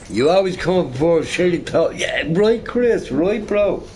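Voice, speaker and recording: While streaming a game, a man with a high-pitched, slightly bright voice chats in a loose, rambling way, swearing and often ending with "right?" Background game sound makes the recording noisy.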